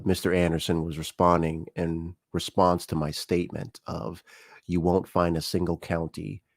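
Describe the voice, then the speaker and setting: A low-pitched man with an American accent hosts a live talk stream. He tells personal stories loosely, restarting sentences and filling pauses with ums. His voice sits close and dry, with no room sound around it. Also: no echo. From United States. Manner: conversational storytelling with frequent fillers and restarts. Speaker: show host.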